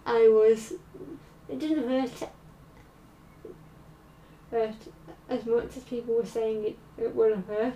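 A woman vlogger telling a personal story in a halting way, full of fillers. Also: fairly high pitch, fairly even intonation, dark tone, a little hiss or hum. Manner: halting, slow, with many fillers. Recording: roomy, distant mic.

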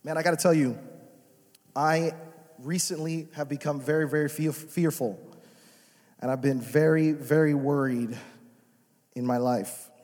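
High-voiced preacher man in a reverberant hall. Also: steady tone, a little slow, long pauses. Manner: preaching, building from soft prayer to loud exhortation. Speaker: pastor. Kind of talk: sermon. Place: church sanctuary.

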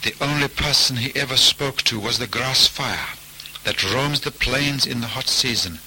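A man telling a folk tale as storybook narration, in a measured way. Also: medium pitch, sharp tone, a little hiss or hum, low-quality recording.

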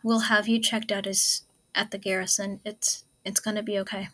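A calm, protective man in a spoken fan story, murmuring soft reassurances to a hurt friend, as a woman reader voices him. His voice is even and low-key, with barely any pitch movement. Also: moderate pace. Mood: shaken. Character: steady older male leader, desperate then gentle.

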